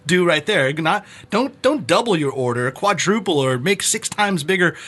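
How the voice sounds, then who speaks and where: A man hosting a podcast, telling an anecdote in an animated, casual way. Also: high-pitched, normal speed, a little hiss or hum. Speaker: podcast host. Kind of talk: casual chat, storytelling.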